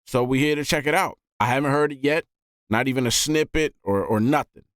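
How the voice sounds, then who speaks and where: A man hosting a music reaction video, talking casually and excitedly and often saying "man". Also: medium pitch, fairly quick, no echo, studio quality. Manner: animated, often says "man".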